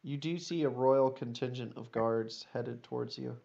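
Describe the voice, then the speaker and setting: A man narrating as dungeon master in a tabletop game, unhurried, with fillers, on a dull lo-fi recording. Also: medium pitch, gravelly, a little mellow.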